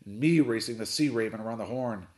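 A man's voice: mid-range voice, expressive, moderate pace, close to an everyday voice. A man voicing a blustering, hot-tempered old sea captain who roars and bellows. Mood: furious. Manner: roaring, bellowing shouts.

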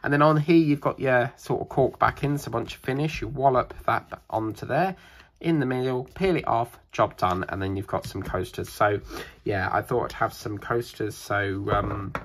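A man with a British accent, chatting casually as he unboxes crafting kits for his channel, rambling and getting excited. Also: medium pitch, normal speed. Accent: British English.

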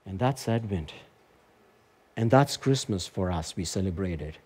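A man preaching a sermon in a church, telling a personal story and building to emphatic, high-pitched proclamation. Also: expressive, a little slow, long pauses, darkish tone, breathy edge. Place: church sanctuary.

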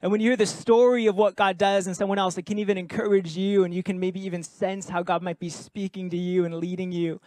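A man with a notably high voice preaches to his congregation in a loose, chatty way, cracking jokes and throwing out questions to the room. The sound is close and dry, with almost no room echo. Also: flat delivery, fast, few pauses, a little mellow. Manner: conversational, jokey, asks the congregation questions. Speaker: pastor. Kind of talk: sermon. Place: church service with congregation.

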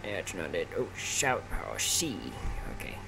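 A man commentating on his own gameplay, excitable and often blurting out exclamations. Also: sits low, measured pace, gravelly, over music. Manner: excitable, keeps exclaiming "oh snap". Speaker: gaming channel host. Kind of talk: let's play commentary.

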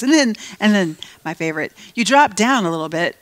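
A woman giving a conversational Bible teaching at a live event, emphatic and animated, slowing down to stress her points. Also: mid-range voice. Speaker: guest speaker at a faith event. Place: live event venue before an audience.

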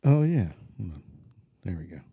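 A man's voice: deep voice, sing-song, moderate pace, warm tone, slightly rough. A man co-hosting a casual talk show, talking in a laid-back, conversational way. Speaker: co-host.

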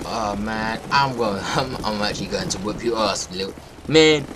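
A man voicing a cocky, laid-back young male gamer with low, mumbled trash talk, with game gunfire behind. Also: normal speed, background noise, close to an everyday voice. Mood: teasing. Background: video game gunfire.

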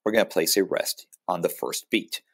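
A man with a very low, deep voice narrates a music theory lesson. He explains each point in a calm, measured way, like a teacher walking students through the material.

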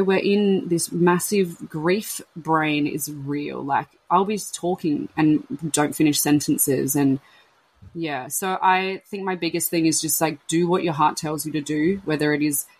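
A woman's voice: sits low, slightly rough, low-quality recording. A woman talks candidly about baby loss, rambling and acting out what her friends said. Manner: emotional, rambling, acts out quoted friends. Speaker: podcast host sharing her baby loss. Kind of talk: candid casual chat.

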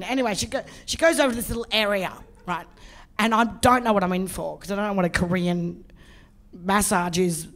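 Brief: middle-aged Australian woman comic, bold and profane, lively stage storytelling. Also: a little high. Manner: brash, profane, animated storytelling. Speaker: stand-up comedian. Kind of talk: stand-up comedy storytelling.

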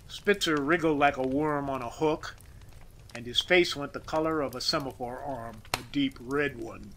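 A man narrating a classic story as an audiobook reader, expressive and measured. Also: mid-range voice, a little hiss or hum, poor audio.

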